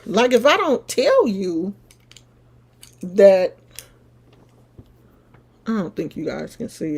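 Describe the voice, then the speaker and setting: Chatty sounding woman telling a story. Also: fairly high pitch. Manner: chatty, animated, talks straight to viewers. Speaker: vlogger. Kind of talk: casual storytelling to camera.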